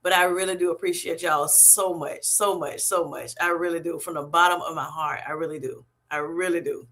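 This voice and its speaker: A woman's voice: on the low side, steady tone, brisk, a bit bright. A middle-aged woman hosting a casual live stream, effusively thanking her viewers again and again. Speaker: livestream host.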